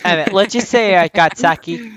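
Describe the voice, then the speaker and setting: A man's voice: high voice, normal speed, crowd noise. A young man chatting casually while playing a game with a friend, directing him and laughing often. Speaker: gamer.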